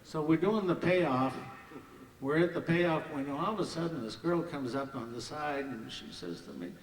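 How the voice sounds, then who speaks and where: An older man telling lively anecdotes at a ceremony on a banquet hall stage and acting out the voices of others, in an echoey hall heard from far off. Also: fairly high pitch, normal speed, a little hiss or hum. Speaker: hall of fame ceremony speaker. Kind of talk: anecdotal after-dinner storytelling.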